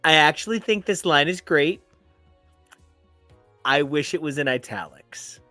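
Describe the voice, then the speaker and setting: A man's voice: fairly high pitch, expressive, unhurried, pushed and bright, no room sound, faint music behind. A man co-hosting a comic book podcast, talking in a playful, theatrical and florid way. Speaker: podcast co-host. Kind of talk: casual comic book chat.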